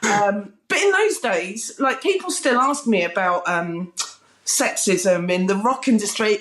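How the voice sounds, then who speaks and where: A British woman, a former music TV presenter, telling lively anecdotes with frequent laughter in a casual interview. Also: mid-range voice, measured pace, echoey room. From Britain. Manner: bubbly, laughing, animated anecdotes with mimicked quotes.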